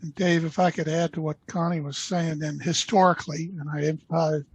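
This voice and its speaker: A man adding a comment on a meeting call, measured and stressing key words. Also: fairly high pitch, level tone, a little mellow, slight background noise, poor audio. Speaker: association member on a call.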